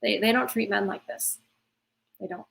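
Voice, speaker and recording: A woman's voice: mid-range voice, moderate pace, vocal fry, fairly bright tone, a little hiss or hum. A woman giving blunt, opinionated reaction commentary.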